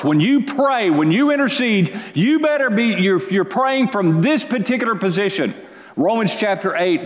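A man preaching a sermon, reading scripture and calling for responses from the congregation, swinging between loud exhortation and quiet asides. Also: sits high, roomy sound, long reverb tail. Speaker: pastor.

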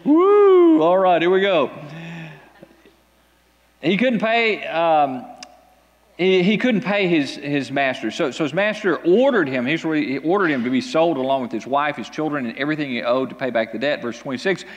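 Animated male preacher in a reverberant hall. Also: normal speed, highs cut off. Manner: animated, dramatic storytelling with big pitch swings. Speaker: pastor. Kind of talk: sermon. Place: church hall with an audience.

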